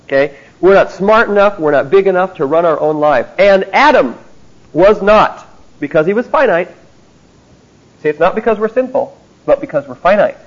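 A high-pitched man delivers a classroom theology lecture. He talks in an emphatic way and keeps checking in with his listeners by asking "see?". The recording sounds dull and lo-fi. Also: expressive, moderate pace. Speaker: Bible teacher.

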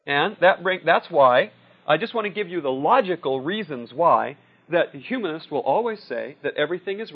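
A man's voice: fairly high pitch, creaky. A man giving a sermon in a conversational way, telling personal stories and often checking in with "See?" and "Okay?". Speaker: preacher. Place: room with a live audience. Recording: dull lo-fi recording.

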